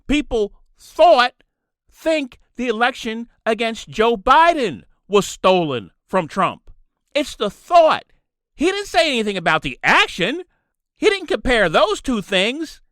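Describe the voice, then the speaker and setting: A man's voice: very high voice, big pitch swings, slow pace, fairly bright tone, no echo, clean studio sound. A man hosting his own political podcast, ranting in a solo commentary and repeating his points for emphasis. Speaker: podcast host.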